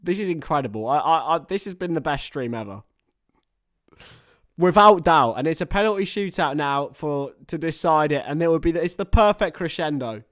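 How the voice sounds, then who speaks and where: A young man hosting a live football watchalong, excitable and joking, swearing, reading out viewer chat, a little tired after hours on stream. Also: on the high side, moderate pace. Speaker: livestream host commentating a football match. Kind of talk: casual live watchalong commentary.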